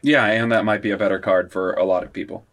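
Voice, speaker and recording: A man's voice: fairly low pitch, steady tone, fast, fairly bright tone. A man co-hosting a casual tech chat, hesitant and stumbling over his words.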